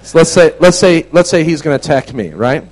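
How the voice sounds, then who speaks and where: A man preaching a storytelling sermon to a class, animated, dropping to a hush and then shouting. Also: a little high, fairly quick, faint music behind, poor audio. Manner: animated, swings from hushed to shouting.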